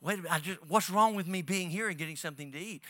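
A man's voice: high voice, very fast, fairly bright tone, no echo, clean studio sound. A man retelling a film in a sermon, voicing a grim, wronged male war veteran in a blunt, defiant way.

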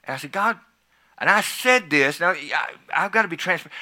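Man, pastor, sermon testimony, very bright tone, lively storytelling, quiet to loud swings. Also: fairly high pitch, brisk.

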